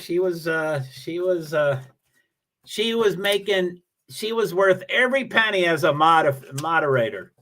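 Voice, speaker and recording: A man chats casually on his own livestream, rambling and self-deprecating as he greets viewers. His voice sits a little high and sounds bright and forward. He restarts sentences often as he talks. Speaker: livestream host reading viewer comments.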